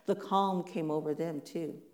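A preacher talks through a sermon in a relaxed, conversational way, tossing out rhetorical questions and light, playful asides. The voice is warm and mellow, and it rings around an echoey room. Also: medium pitch, a little slow.

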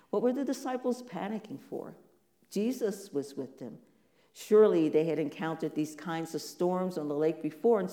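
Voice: mid-range voice, warm tone. A preacher giving a conversational sermon, full of rhetorical questions and playful asides. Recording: echoey room.

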